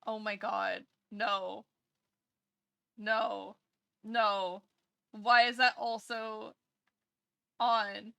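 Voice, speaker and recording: Sleepy, bright-voiced woman streamer. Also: medium pitch, level tone, drawn-out words, creaky, pauses often, clear, resonant tone, dry recording, dull audio. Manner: sleepy, rambling, talks to chat. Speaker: VTuber streamer. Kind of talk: casual live-stream chat.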